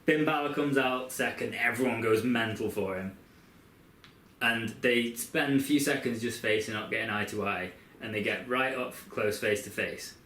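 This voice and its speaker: A man's voice: mid-range voice, moderate pace, pushed and bright, a little hiss or hum. A man co-hosting a podcast, rambling as he tells a long scenario in casual chat. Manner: rambling, storytelling play-by-play. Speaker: podcast co-host. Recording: echoey room.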